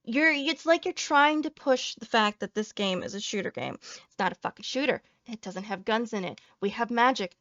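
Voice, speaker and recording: A woman's voice: fairly high pitch, animated, normal speed, a bit bright, dry recording, muffled recording. Salty, swearing woman streamer. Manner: salty, profane, ranting. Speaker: VTuber streamer. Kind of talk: casual reaction commentary.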